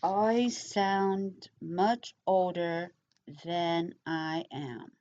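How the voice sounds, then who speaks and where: A middle-aged woman chatting casually as she answers comments, talking slowly and rambling with pauses and fillers. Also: lowish voice, steady tone, darkish tone, lo-fi sound. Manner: slow, rambling, pausing, with many fillers. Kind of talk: casual chat.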